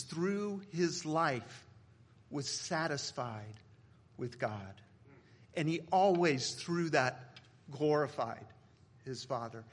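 Male pastor, 50s, sermon delivery; husky, slightly high voice, joking then hushed. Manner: humorous storytelling, swinging from loud to hushed.

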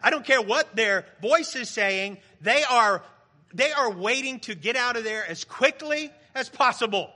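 A man's voice: extremely high pitch, bright, forceful tone. A middle-aged male pastor preaching a sermon in a conversational, joking way with the congregation.

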